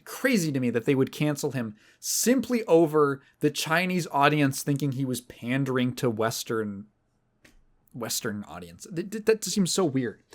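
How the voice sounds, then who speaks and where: A man hosting a podcast, telling a story in a casual, rambling and animated way. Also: on the high side. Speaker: podcast host. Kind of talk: casual chat.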